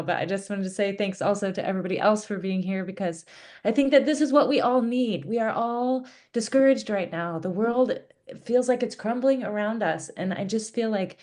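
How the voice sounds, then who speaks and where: A woman's voice: medium pitch, normal speed, a little mellow. A woman speaking up in an online town hall over a video call, earnest and effusive, with many fillers. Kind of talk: casual live video-call talk.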